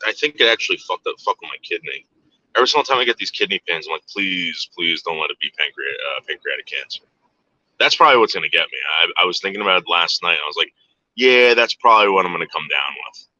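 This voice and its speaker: Man from the US, livestream host; low-ish, tense, forceful delivery, dry close sound, crude offhand rambling. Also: lively intonation, very fast, no echo, highs cut off. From United States. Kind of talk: casual rambling monologue.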